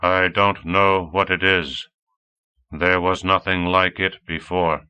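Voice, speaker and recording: A man's voice: deep voice, takes it slowly, clean tone, exaggerated voice. Man doing a droning old android robot. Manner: droning monotone. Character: old male android robot, flat and literal.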